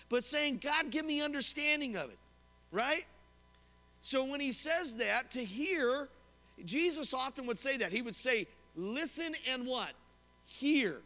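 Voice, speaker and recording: Man pastor preaching, real high voice, sharp and bright, asks the room stuff, church echo. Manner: animated, asks the congregation questions. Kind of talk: sermon. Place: church sanctuary. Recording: long hall reverb.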